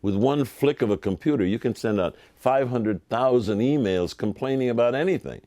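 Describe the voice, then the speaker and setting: An older man, a television producer, telling lively anecdotes in an interview and acting out the voices of people he quotes. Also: mid-range voice, normal speed, no room sound. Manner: animated, acts out quoted voices.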